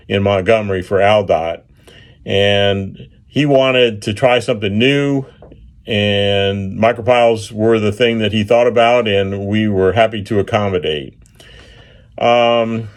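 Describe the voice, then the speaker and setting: Low-voiced man telling a story. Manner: unhurried, with frequent filler pauses and chuckles. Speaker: engineer telling a field story. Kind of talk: casual anecdotal storytelling.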